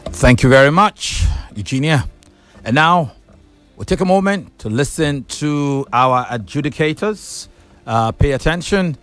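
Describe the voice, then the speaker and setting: A man's voice: fairly high pitch, animated, unhurried, a bit bright, faint music behind. A man hosting a debate show, making formal introductions with playful asides. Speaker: host.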